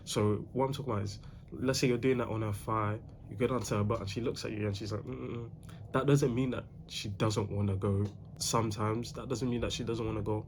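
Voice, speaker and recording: Slangy young man, low voice. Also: steady tone, fairly quick, a little mellow, a little hiss or hum. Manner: slangy, repeats himself, calls the viewer bro. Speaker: dating advice host. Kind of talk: casual advice talk.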